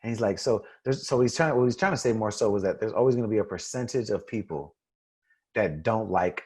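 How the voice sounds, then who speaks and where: A man's voice: on the low side, lively intonation, brisk, a little mellow, husky. A man who works as a radio personality, chatting in a laid-back way and often tagging his points with "right?". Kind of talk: casual chat.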